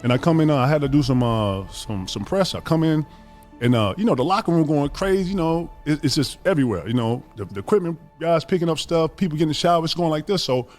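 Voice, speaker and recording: A man, a former basketball player, telling stories in casual chat, animated and acting out the voices of others with profane slang. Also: fairly high pitch, fast, faint music behind. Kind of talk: casual storytelling on a podcast.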